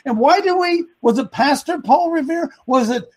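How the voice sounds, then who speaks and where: High-voiced man preaching to a group. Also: expressive, moderate pace, low-quality recording. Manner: preachy, rousing, rhetorical questions. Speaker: host. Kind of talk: casual chat.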